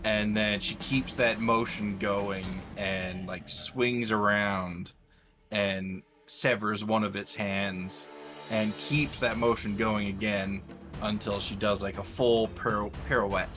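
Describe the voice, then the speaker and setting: A man's voice: lowish voice, fairly even intonation, slow pace, over music. A man describing his character's actions in a tabletop game, hesitant and full of fillers. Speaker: player.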